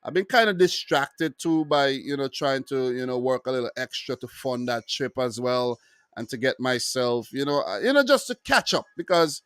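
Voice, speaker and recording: A man hosting his own football review channel, talking casually and loosely, full of asides and shout-outs to viewers. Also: mid-range voice, expressive, moderate pace, smooth, no room sound, clean studio sound. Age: adult with wife and three kids.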